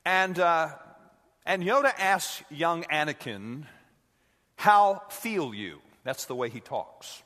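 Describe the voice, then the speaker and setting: Man preaching real slow, slightly high voice, echoey church hall. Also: animated, pushed and bright. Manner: slow, measured, earnest. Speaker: pastor. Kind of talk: sermon. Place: church sanctuary.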